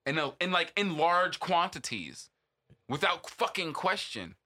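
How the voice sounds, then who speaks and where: Bright, emphatic man ranting on a podcast. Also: fairly high pitch, big pitch swings, a little slow. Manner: emphatic, swears freely, lectures in bursts. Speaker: podcast co-host. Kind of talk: casual podcast discussion.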